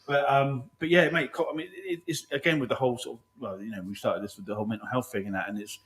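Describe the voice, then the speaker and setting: A man's voice: medium pitch, fairly even intonation, a bit bright. A man hosting a casual podcast chat, rambling and swearing freely, calling his guest "mate". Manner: rapid, rambling, heavy swearing, lots of "mate". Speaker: podcast host.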